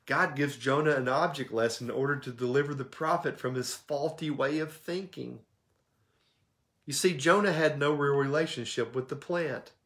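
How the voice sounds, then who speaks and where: A man teaching a church Bible study in a conversational way, often checking in with his listeners and acting out the quoted lines. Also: moderate pace. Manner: conversational, checks in with "okay?" and "right?"; animated, acts out quotes with shifts in pitch.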